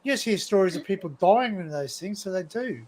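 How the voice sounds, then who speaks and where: A man hosting a casual live stream chat over a video call, telling lively anecdotes and swearing freely. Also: high voice, fairly quick, heavy background noise. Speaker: livestream host.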